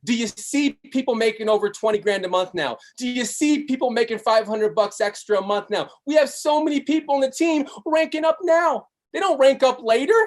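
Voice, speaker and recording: This is a man delivering a hype motivational sales pitch to a live online audience. He talks with constant energy, chants short slogans again and again, and swings his voice up and down between loud peaks and low, pressing asides. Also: brisk, few pauses. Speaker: network marketing presenter.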